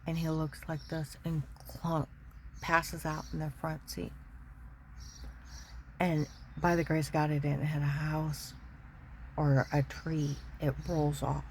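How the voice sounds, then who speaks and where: A woman's voice: low-pitched, flat delivery, slow, long pauses, darkish tone, a little hiss or hum. A woman recounting a painful family episode as personal testimony, emotional and repeating her key points. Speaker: mother telling her own story.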